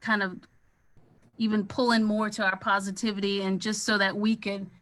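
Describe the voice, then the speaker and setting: This woman's voice is bright and forceful, and she talks in long, inspirational runs that drift from point to point. She is a singer joining over a video call. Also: medium pitch, level tone, normal speed. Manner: inspirational, rambling. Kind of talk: casual panel chat.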